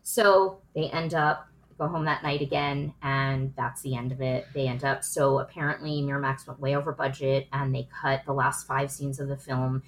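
A woman in her forties, an actress and producer, telling animated, emotional stories in a casual podcast chat. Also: extremely low pitch, normal speed, a little hiss or hum. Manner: chatty storyteller, emotional and animated.

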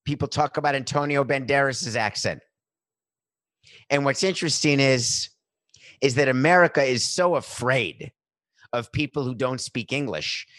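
A man's voice: medium pitch, a bit bright, no room sound. Man, middle-aged, sports commentary rant, emphatic, dry close sound. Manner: emphatic, repetitive, building lists. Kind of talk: opinionated monologue.

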